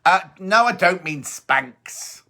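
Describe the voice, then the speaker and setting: Man, middle-aged, sewing show host, gossipy viewer-comment chat, fairly high, bright tone. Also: expressive, slow, vocal fry. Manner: chatty, gossipy, teasing. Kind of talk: casual live chat reading viewer comments.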